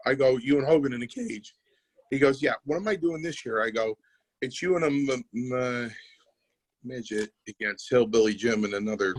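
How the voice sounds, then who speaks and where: A man's voice: mid-range voice, moderate pace, rough recording. A middle-aged man hosting a podcast, telling wrestling stories casually, repeating himself and swearing. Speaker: podcast host. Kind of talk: casual chat.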